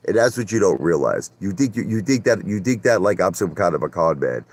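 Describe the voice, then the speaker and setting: A man hosting a livestream, telling boastful stories in a brash, animated way, often stammering and repeating his words and swearing a little. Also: sits low, brisk, husky, no echo. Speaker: livestream host. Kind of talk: casual livestream monologue.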